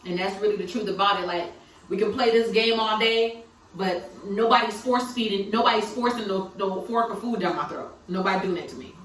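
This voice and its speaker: A woman's voice: mid-range voice, steady tone, moderate pace, fairly bright tone, slight background noise. Tearful young woman vlogging from afar. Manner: candid and emphatic, laughing through tears. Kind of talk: casual confessional vlog. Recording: roomy sound from some distance, faint background ambience.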